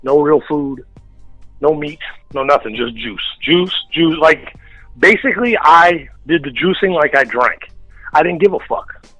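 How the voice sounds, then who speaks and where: Man on a radio show, fairly high voice, close dry studio mic, swearing freely while he spins a story. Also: a little slow, dry recording, faint music behind, rough recording. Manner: profane, blunt, animated storytelling. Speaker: guest. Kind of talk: casual storytelling interview.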